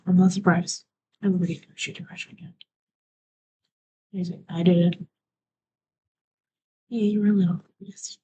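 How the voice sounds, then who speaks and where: A woman live streamer rambling through a story in a soft, half-whispered way, often trailing off. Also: lowish voice, a little hiss or hum, rough recording.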